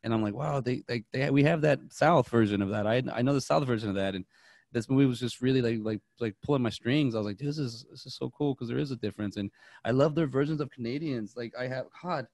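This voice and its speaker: A man co-hosting a movie podcast, chatting casually in a rambling, excitable way with many restarts. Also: medium pitch, fast, dry recording, studio quality. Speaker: podcast co-host.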